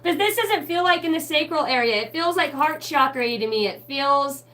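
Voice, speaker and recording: A woman's voice: sits high, lively intonation, moderate pace, a bit bright. A woman on a casual spiritual livestream, rambling, giggling often and humming bits of songs as she goes.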